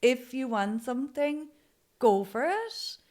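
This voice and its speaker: An Irish woman in her thirties with a Midlands lilt, talking as an interview guest. Her voice sits a touch high and she tells her stories in an animated way, laughing often and swearing without fuss. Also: slow pace. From Ireland. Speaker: guest, food creator. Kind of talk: casual chat.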